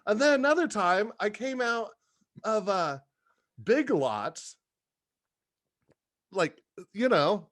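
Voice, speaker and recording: A man guesting on a podcast, telling stories in a profane, animated, casual way. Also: high-pitched, slow, long pauses, no room sound. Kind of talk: casual storytelling chat.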